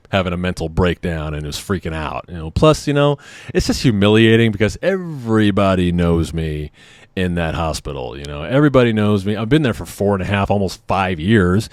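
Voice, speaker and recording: A man in his thirties telling a personal story on his vlog in a candid, halting way, often restarting and repeating words. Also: on the low side, darkish tone, clear, resonant tone, no echo. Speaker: vlogger.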